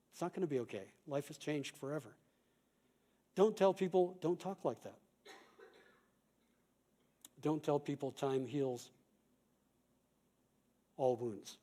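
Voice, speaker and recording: A middle-aged man, a pastor and chaplain, giving a calm, measured conference talk with quoted examples. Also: on the high side.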